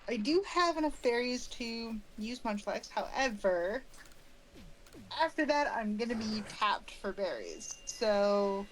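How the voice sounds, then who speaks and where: A woman's voice: a little high, lively intonation, slow, slight background noise. A woman co-hosting a game stream, upbeat and dryly sarcastic, keeping the session on track. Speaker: co-host streamer. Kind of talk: casual gameplay chat.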